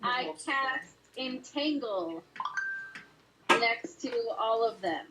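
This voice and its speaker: A woman's voice: fairly high pitch, animated, extremely slow, loud music behind the voice, rough recording. A woman player in a tabletop game, hesitant as she checks the rules aloud.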